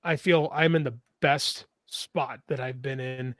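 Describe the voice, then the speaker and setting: A man's voice: mid-range voice, fairly even intonation, unhurried, dry recording. Frank, rambling middle-aged man. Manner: rambling, frank, swears freely, many restarts. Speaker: author and podcast co-host. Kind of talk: casual podcast interview.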